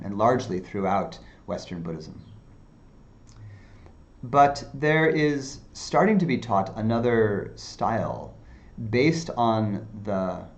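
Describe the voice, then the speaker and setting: Low-voiced man giving a meditation talk. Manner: unhurried, many fillers, repeats phrases softly. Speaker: meditation teacher. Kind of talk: dharma talk.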